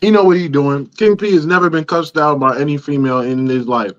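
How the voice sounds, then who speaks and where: A man's voice: on the high side, fairly quick. Mocking man on dull lo-fi audio. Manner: mocking, laughing at friends. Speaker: podcast co-host. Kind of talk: casual rant chat.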